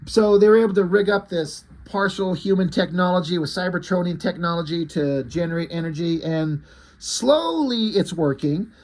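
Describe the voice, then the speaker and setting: A man's voice: high-pitched, moderate pace, a little mellow. A man casually recapping and reviewing a comic book, chatty with fillers and some swearing.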